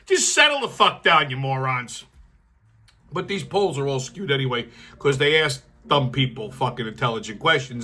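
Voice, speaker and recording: Male host, blunt and profane, fairly high voice with a sharp, forceful edge. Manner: blunt, heated, swears constantly. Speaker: show host. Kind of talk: profane political commentary rant.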